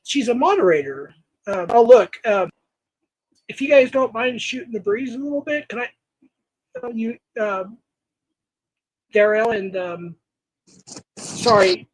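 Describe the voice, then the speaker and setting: A man with a notably high voice hosts a livestream in a dry, close sound. He rambles warmly through thanks to viewers, leaning on fillers and quick laughs as he goes. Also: lively intonation, dry recording, poor audio. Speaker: livestream host. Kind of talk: casual livestream chat.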